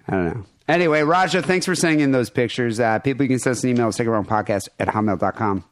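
A man hosts a comedy podcast, joking crudely and laughing through the banter. His voice sits at a middle pitch. The mic is close and the sound is dry. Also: fast talker, dry recording. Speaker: podcast host. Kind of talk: casual comedy podcast chat.

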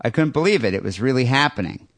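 A man co-hosting a crude comedy podcast, joking loudly and reading a listener's email aloud with lively asides. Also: mid-range voice, fast talker, dry recording. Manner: loud, animated, jokey storytelling. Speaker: podcast co-host.

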